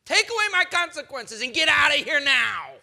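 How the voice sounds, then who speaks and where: A preacher doing a whiny, pleading pharaoh. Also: male voice, animated, sharp tone, heavily acted. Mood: whining. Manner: high, drawn-out pleading. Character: whiny, insincere pharaoh pleading for relief, grown man.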